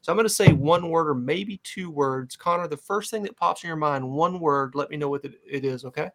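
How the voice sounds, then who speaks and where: A man hosting a fan podcast, his voice sitting a touch higher than most men's. He is upbeat and enthusiastic, steering the guest through segments with a friendly push. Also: brisk. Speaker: podcast host. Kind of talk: casual interview chat.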